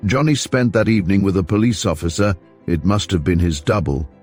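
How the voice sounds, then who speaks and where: A man voicing a principled middle-aged father who answers sharply and with emphasis, in a deep voice. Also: lively intonation, brisk, a little mellow, soft background music. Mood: firm.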